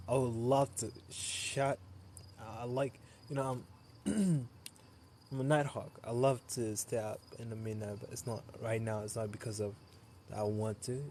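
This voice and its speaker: A young man talks casually to his stream late at night, tired and easygoing, with quick laughs between thoughts. His voice sits at a middle pitch for a man. Faint crickets and night air hum behind him on a handheld phone mic. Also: steady tone, darkish tone. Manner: tired, loose, laughs often, chatty with viewers. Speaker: live streamer.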